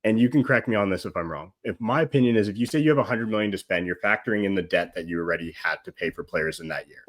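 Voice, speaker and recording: A man with a fairly low voice talks as a guest on a football chat show. He rambles in an animated way, leaning on "like", breaking into laughs and acting out other people's voices. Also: racing. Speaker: guest pundit.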